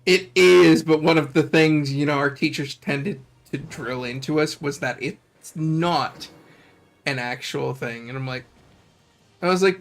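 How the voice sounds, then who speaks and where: A man's voice: on the high side, measured pace, vocal fry. A man chatting casually on a livestream, teasing and laughing often. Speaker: streamer.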